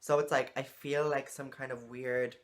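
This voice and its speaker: A woman's voice: extremely low pitch, little pitch movement, normal speed. A woman talking frankly to camera in a casual vlog, exasperated and swearing freely. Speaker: vlogger.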